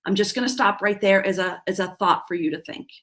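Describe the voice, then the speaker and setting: A woman's voice: mid-range voice, fairly even intonation, fairly quick, fairly bright tone. A middle-aged woman giving a live-streamed coaching talk, earnest and self-deprecating, often restarting her sentences. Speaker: life coach.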